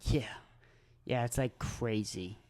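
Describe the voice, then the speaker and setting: A man, a comedian co-hosting a podcast, chatting in a laid-back way and agreeing with a steady stream of short yeahs. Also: medium pitch, slow. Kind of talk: casual chat.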